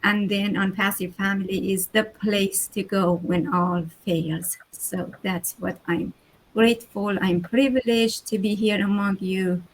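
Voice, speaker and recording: A woman's voice: medium pitch, steady tone, measured pace, a little hiss or hum, rough recording. A woman speaking nervously and politely, thanking others on a group video call. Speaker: guest.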